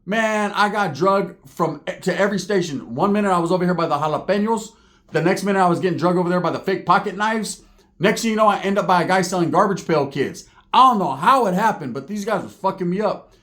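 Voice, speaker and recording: A man's voice: sits high, fast, fairly bright tone. A man telling a street fight story in a casual, profane way, full of street slang.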